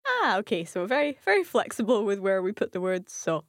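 A woman's voice: medium pitch, big pitch swings, brisk, dry recording, clean studio sound. Curious woman learner with Scottish accent. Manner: curious, careful, asks follow-up questions. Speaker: learner co-host. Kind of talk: language lesson podcast.

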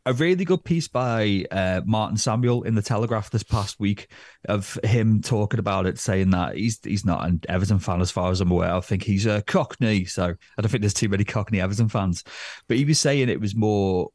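Low-voiced rambling male podcast co-host. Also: a little fast, a little mellow, dry recording, clean studio sound. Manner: rambling, hedging with fillers. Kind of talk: casual football chat.

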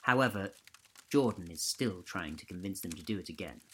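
A man's voice: deep voice, expressive, a little fast, slight background noise, rough recording. Man reading a ghost story aloud. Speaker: podcast host and narrator.

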